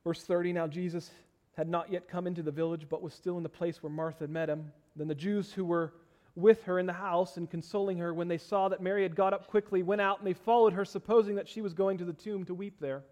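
A man preaching from the pulpit with a fairly high voice. He reads scripture and leads prayer, lifting his voice to stress a point and dropping to a soft, low hush when praying. His delivery is expressive and varied. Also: a little fast. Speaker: pastor. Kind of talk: sermon.

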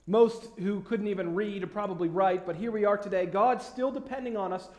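Male pastor, high voice, conversational sermon with emphatic questions, echoey church hall. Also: a little mellow. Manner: conversational, many fillers and pauses, rising to emphatic questions. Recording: echoey room.

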